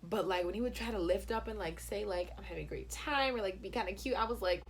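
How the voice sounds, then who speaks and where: A woman's voice: mid-range voice, steady tone, quick pace, slight background noise. A young woman telling a casual storytime, chatty and full of "like", acting out what people said. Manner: chatty, heavy use of "like", acts out quotes. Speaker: YouTube storyteller.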